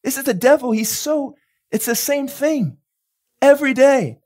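A man with a notably high speaking voice delivers a live sermon as pastor. He preaches with animation, laughs often, and slips into quick acted-out lines of dialogue. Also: animated, a little mellow.

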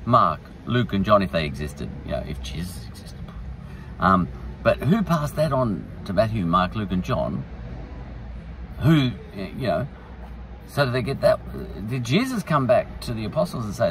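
Low-voiced man musing with lively pitch. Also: normal speed, recorded from a distance, a little hiss or hum, poor audio. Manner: rambling, musing, irreverent. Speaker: podcast host. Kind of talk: casual monologue.

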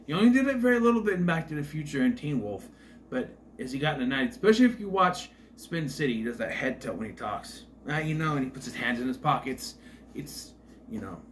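A man's voice: medium pitch, a little hiss or hum. A man casually rambling through a movie rundown, hesitant and wry with frequent asides. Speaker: movie reviewer.

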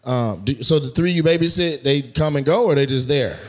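A man's voice: mid-range voice, fairly quick, noisy background. A man doing live stand-up crowd work in a comedy club, teasing audience members with brash, profane banter. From United States. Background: audience laughter.

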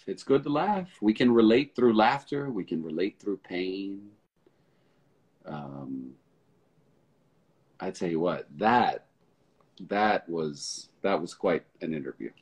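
A man's voice: low voice, lively intonation, slow, long pauses, a little mellow, breathy edge, dull audio. A man hosting a casual live video chat, upbeat and reassuring, often repeating himself. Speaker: live stream host. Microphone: phone or webcam on a live video call.

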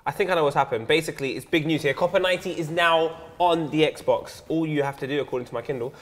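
A man's voice: a little high, fast talker. A young man co-hosting a casual chat, upbeat and chatty as he asks viewers to comment. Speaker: co-host.

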